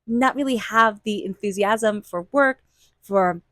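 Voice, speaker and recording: A woman's voice: medium pitch, a little slow, fairly bright tone, dry recording. A woman giving a casual, reassuring tarot reading, repeating phrases for emphasis. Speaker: tarot reader.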